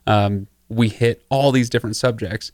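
A man's voice: on the low side, fairly even intonation, normal speed, no room sound, studio quality. A man co-hosting a business podcast in an easygoing, chatty way, wrapping up with plugs for listeners. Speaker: podcast co-host. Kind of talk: casual podcast chat.

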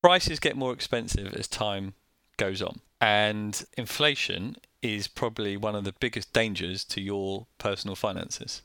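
A man's voice: lowish voice, bright, forceful tone, dry recording. A man with a Northern English accent, co-hosting a casual chat and explaining things in plain, joking terms. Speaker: co-host.

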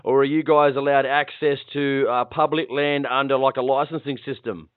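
A man's voice: medium pitch, steady tone, normal speed, dry recording. An Australian man hosting a casual interview, asking loose, friendly questions with restarts. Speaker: podcast host. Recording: tinny phone-like line, dry.

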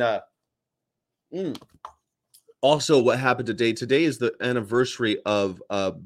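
A man hosting a casual chat show, rambling and swearing freely. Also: mid-range voice. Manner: rambling, profane, animated. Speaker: podcast host.

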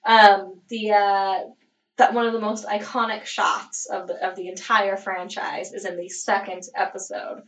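A woman's voice: mid-range voice, little pitch movement, measured pace, fairly bright tone, distant mic, a little hiss or hum, rough recording. A woman hosting a podcast in casual chat, talking in a chatty way full of "like" and "um". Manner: chatty, lots of "like" and "um", laughs easily. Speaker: podcast host.

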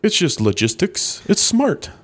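A man doing a loud, goofy impression of a brash male celebrity actor, shouting catchphrases. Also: high voice, very animated, a little slow, pitched above the performer's own voice, heavily acted. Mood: cocky.

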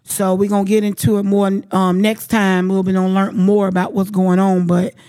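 A woman's voice: mid-range voice, level tone, moderate pace, warm tone. Give me a blunt middle-aged woman hosting a casual podcast, talking to her listeners. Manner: blunt, slangy, talks to listeners directly. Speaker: podcast host. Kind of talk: casual chat.

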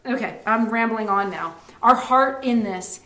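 A woman's voice: on the high side, unhurried, pushed and bright. Earnest woman sharing a faith testimony. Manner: earnest, storytelling with restarts. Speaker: ministry co-host. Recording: roomy echo.

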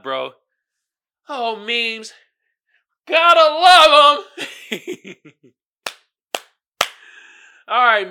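A man's voice: very high-pitched, sharp tone, clean tone. A man hosting his own podcast, talking casually and animatedly, with frequent exclamations and laughter. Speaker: podcast host. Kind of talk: casual solo commentary.

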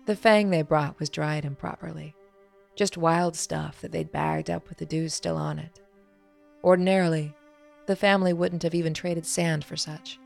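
A woman author narrating her own fantasy story in a measured storytelling manner. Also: low-pitched, steady tone, vocal fry, faint music behind.

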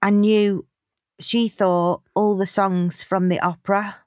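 British woman telling a story, animated. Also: mid-range voice, slow pace, no echo, clean studio sound. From Britain. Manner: animated storytelling, swears freely. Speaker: podcast co-host. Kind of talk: casual comedic chat.

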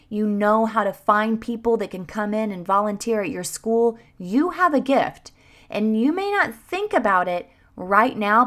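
A woman in her thirties hosting a motivational podcast for teachers, talking with gushing, encouraging enthusiasm. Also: mid-range voice. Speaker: podcast host coaching teachers.

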